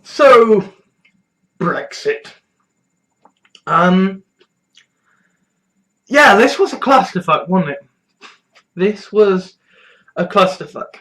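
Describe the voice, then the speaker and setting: Young British vlogger, slow heated delivery, sarcastic, swears a lot, stuffy-nosed, mid-pitched. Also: lively intonation, poor audio. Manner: swears freely, heated and sarcastic, rising to shouting. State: stuffy nose. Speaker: political vlogger. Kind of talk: ranting political vlog.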